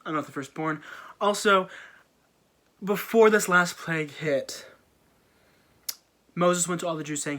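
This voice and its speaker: A man's voice: a little high, steady tone, a little slow, pauses often, bright, forceful tone. A man casually retelling an old story in a jokey, slang-filled way with offhand asides.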